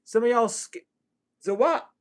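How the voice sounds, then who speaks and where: A man's voice: expressive, a little slow. A man giving a casual spiritual reading, profane and streetwise, full of rhetorical questions. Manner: swings from low mutter to high exclaims. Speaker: spiritual reader.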